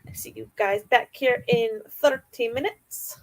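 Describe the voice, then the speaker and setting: A woman's voice: fairly high pitch, a little slow. A woman hosting a livestream, running writing sprints in giggly, upbeat casual chat. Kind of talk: casual live-stream chat.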